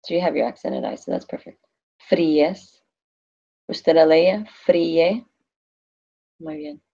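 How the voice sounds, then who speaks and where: A woman's voice: fairly low pitch, very animated, a little slow, creaky, dark tone, slightly rough, lo-fi sound. A woman teaching a Spanish class in a classroom, thinking aloud and quizzing her students.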